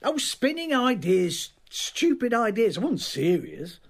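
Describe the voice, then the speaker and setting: An actor playing a weary, evasive middle-aged husband in a radio drama. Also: male voice, very high voice, big pitch swings, measured pace, heavily acted. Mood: tense. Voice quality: terse, defensive.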